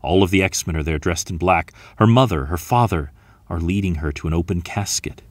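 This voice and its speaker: A man hosting a podcast, recapping a comic book in a lively, storytelling way. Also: low-pitched, a little fast, no room sound. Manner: lively storytelling, acting out scenes. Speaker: podcast host.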